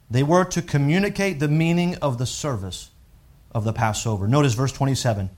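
A man preaching a sermon, reading scripture aloud and explaining it earnestly, swinging between raised and hushed delivery. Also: medium pitch, fairly quick. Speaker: pastor.

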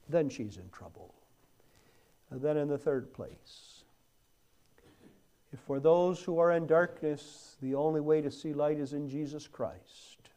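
Slow, lively-pitched preacher man. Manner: emphatic swells on key words, dropping to near-whispers. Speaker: pastor. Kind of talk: sermon.

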